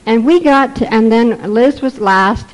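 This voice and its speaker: Speaking unhurriedly in a slightly high voice, an older Canadian woman entertains a group with comic tales from her recovery, chuckling and doing quoted voices along the way. The audio is poor.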